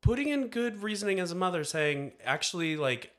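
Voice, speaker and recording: A man's voice: high voice, a little fast. A man co-hosting a podcast, chatting about reality TV in a gossipy way. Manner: animated, gossipy. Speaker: podcast co-host. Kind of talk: casual chat.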